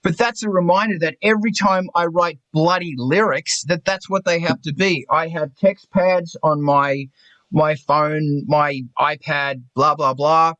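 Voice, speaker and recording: Bright punchy guy on a video call, dry close sound, swears a lot and rambles, pokes fun at himself. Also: a little high, fairly even intonation, measured pace, dry recording, dull audio. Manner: blunt and profane, rambling with self-mocking asides. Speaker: host of artists' talk stream. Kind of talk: casual group video chat.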